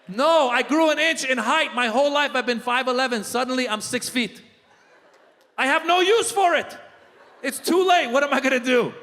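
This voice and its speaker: A middle-aged man doing stand-up comedy, chatting with the audience in lively crowd work, in a hall with long reverb. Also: very high voice, normal speed, a little hiss or hum.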